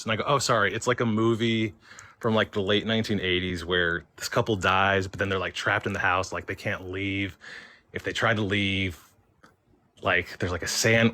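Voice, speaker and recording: A man's voice: low-pitched, fairly even intonation, normal speed, pushed and bright. A man casually telling a true ghost encounter as a caller on a live stream, rambling with many fillers and quoting the conversations himself. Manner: rambling, heavy with fillers and restarts, quotes himself and others. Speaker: caller sharing a paranormal experience. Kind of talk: casual spoken storytelling. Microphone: phone or stream mic.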